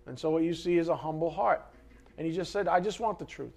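A male pastor preaching a sermon in an animated, conversational way, joking with the congregation and swinging between loud emphasis and quiet asides. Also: on the high side, fast talker, creaky.

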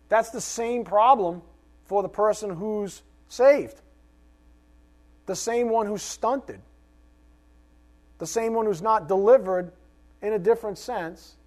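A middle-aged pastor with a high-pitched voice delivers an animated sermon full of rhetorical questions and joking asides.

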